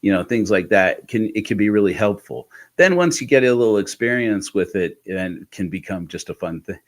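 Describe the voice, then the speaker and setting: A man telling a reflective personal story in a candid, halting way, with restarts and soft laughs. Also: on the low side, animated. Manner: candid, intimate. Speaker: host of a personal podcast talk.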